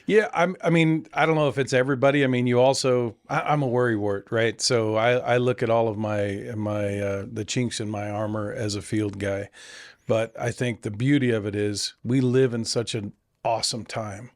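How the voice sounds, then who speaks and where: A man's voice: medium pitch, fairly even intonation, moderate pace, no room sound, studio quality. A middle-aged man from California, a conservation CEO, talking earnestly and self-deprecatingly in a casual interview. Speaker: guest, conservation nonprofit CEO.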